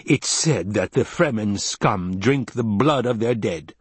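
A man voicing a haughty, easily frightened male banker who talks slowly and stiffly with a rasp. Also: mid-range voice, lively intonation, no room sound, pitched above the performer's own voice. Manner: slow, stiff, rasping.

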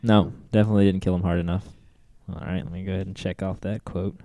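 A man co-hosting a podcast in casual chat, relaxed and wry. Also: deep voice, fast, dry recording. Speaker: podcast co-host.

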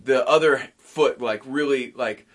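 A man co-hosting a casual comic book podcast, excitable and rambling, full of restarts and fillers. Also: mid-range voice, measured pace. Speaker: podcast co-host.

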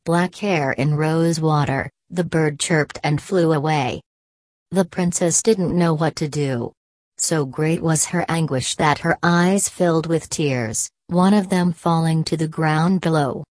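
A woman narrating a fairy tale in a calm, measured storytelling voice. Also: low voice, dry recording.

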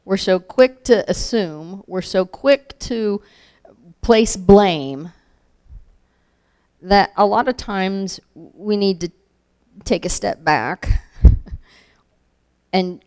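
A woman's voice: medium pitch, drawn-out words, long pauses, darkish tone, clear, resonant tone. A woman giving an informal sermon, telling stories in a reflective, conversational way.

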